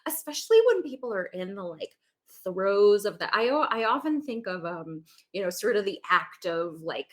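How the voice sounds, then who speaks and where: A woman's voice: mid-range voice, big pitch swings, moderate pace. A woman chatting on a podcast, bubbly and enthusiastic, laughing often. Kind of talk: casual podcast chat.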